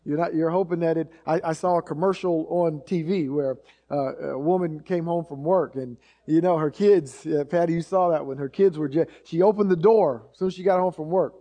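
A man's voice: fairly high pitch, fairly quick, dark tone. A middle-aged male pastor preaching a sermon, repeating key phrases with emphasis and many fillers.

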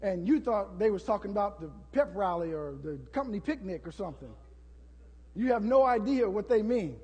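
A man preaching a sermon as pastor, building to shouts and acting out prayers to the congregation. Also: high voice, lively intonation, a little fast, husky, long reverb tail.

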